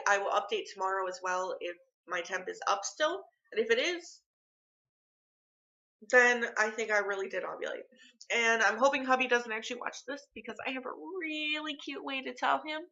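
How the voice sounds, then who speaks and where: A woman's voice: on the high side, bright, forceful tone, dull audio. A young woman vlogging at home, chatting casually and rambling with lots of filler words. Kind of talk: casual chat to camera. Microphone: phone camera.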